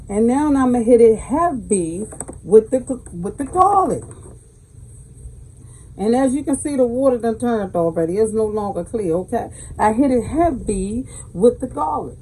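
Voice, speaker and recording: A woman's voice: fairly high pitch, animated, unhurried, warm tone, slightly rough, rough recording. A woman with a Southern American accent hosting a home cooking tutorial in her kitchen, chatting folksily and calling her viewers baby. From Southern United States. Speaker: cooking channel host.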